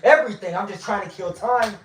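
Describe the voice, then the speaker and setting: A man telling a long story in a casual way, swinging between loud bursts and low mutters. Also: quick pace, slight background noise. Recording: roomy echo.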